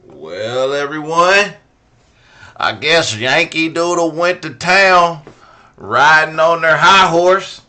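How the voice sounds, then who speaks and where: Slow, bright-voiced joking man. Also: a little high. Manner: playful, teasing, chuckling at the chat. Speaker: host reacting to a clip. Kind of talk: joking commentary to viewers.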